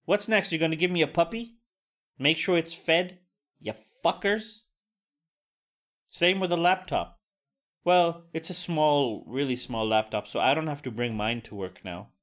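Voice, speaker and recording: A man's voice: fairly high pitch, a bit bright. A man in his forties hosting a podcast, talking in a casual monologue and ranting sardonically with plenty of swearing. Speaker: podcast host.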